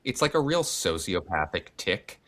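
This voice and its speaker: A man's voice: deep voice, big pitch swings, normal speed, fairly bright tone. A man hosting a casual podcast chat, telling loose stories. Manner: loose storyteller, does funny voices. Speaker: podcast host.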